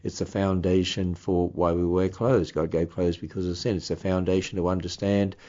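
Older australian man, very low voice, emphatic interview guest, slightly muffled audio. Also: flat delivery, normal speed, dark tone. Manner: emphatic, earnest explaining.

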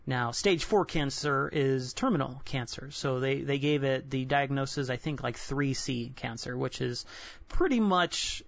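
A man in his twenties giving an earnest, candid personal devotional sermon, halting and restarting often. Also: medium pitch, creaky, fairly bright tone, no room sound. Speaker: Christian devotional speaker. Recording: dull lo-fi dry recording.

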